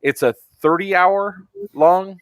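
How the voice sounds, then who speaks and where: A man co-hosting a casual podcast, chatty and quick to laugh. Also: high voice, a bit bright, no room sound, clean studio sound. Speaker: podcast co-host.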